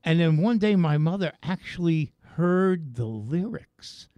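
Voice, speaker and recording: Man, radio co-host, enthusiastic storyteller, lively pitch, studio mic. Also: unhurried, dry recording, highs cut off. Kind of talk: casual radio chat.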